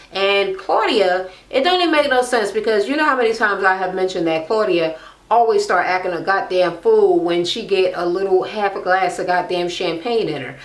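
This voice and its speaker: A woman's voice: lowish voice, expressive, moderate pace. Sassy, profane woman in an echoey room. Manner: blunt, profane and sassy, mimicking people she quotes. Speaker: vlogger recapping a reality show. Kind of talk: casual recap chat.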